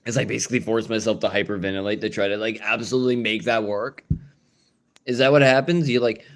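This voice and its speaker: A man's voice: lowish voice, steady tone, fast. A man streaming a casual chat from home, rambling with fillers and restarts and swearing now and then. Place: at home indoors.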